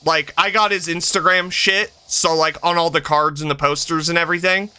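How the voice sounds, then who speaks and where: A man's voice: a little high, moderate pace, clean tone. A man in his thirties chatting casually on a game stream, swearing freely, laughing often and telling stories. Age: 30s. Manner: animated, profane, laughs often. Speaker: streamer host. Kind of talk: casual chat while gaming.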